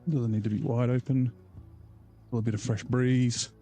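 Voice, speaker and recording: A man's voice: mid-range voice, flat delivery, moderate pace, mellow, soft background music. A man casually chatting to his stream while playing a game at home, rambling and thinking aloud. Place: room at home.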